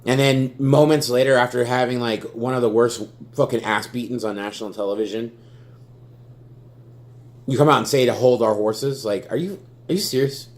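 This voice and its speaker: A man's voice: medium pitch, steady tone, normal speed. Furious profane man ranting. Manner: stammers and repeats words when worked up. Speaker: sports fan vlogger. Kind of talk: angry fan rant.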